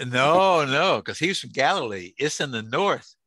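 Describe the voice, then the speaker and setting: A man's voice: medium pitch, expressive, measured pace, pushed and bright, dry recording. A man, teaching a casual Bible study to an online group. He jokes and asks the group questions.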